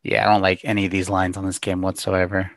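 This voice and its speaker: A man co-hosting a relaxed chat with a low, gravelly voice full of vocal fry. He comes across easygoing and chimes in with quick replies. He is recorded close and dry. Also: no echo. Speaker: co-host. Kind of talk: casual chat.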